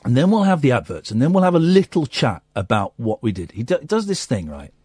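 A male radio host with a slightly husky voice, speaking close to a dry studio mic. He tells stories with lively swings in pitch. He mimics people and drops to a soft hush in tender moments. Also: fairly quick, no echo. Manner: animated storytelling, mimics people, drops to soft quiet tones when moved. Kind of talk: casual radio chat. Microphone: studio microphone.

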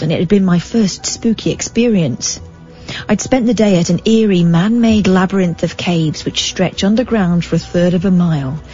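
A woman's voice: on the low side, warm tone. A woman co-hosting a talk radio show, reading a magazine story aloud with dry, teasing asides. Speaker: radio co-host. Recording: dull broadcast audio over faint music.

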